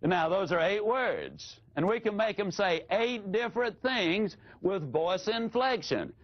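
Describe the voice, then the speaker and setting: An older man giving a folksy, animated sales seminar talk to an audience, often playing with his vocal inflection. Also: sits high, unhurried. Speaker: sales trainer. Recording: dull lo-fi audio.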